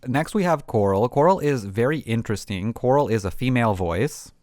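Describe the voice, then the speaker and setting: A man's voice: mid-range voice, animated, a little fast, a little mellow, no room sound, clean studio sound. A man hosting a casual coding tutorial, rambling with many ums and restarts. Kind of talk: casual screen-recorded tutorial.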